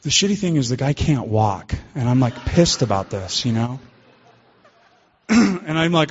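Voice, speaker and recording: A guest speaker at a recovery meeting, this man has a lowish, sing-song voice and a moderate pace. In a meeting hall he gives the group a candid, self-deprecating talk about his own recovery, heard through a dull, lo-fi recording.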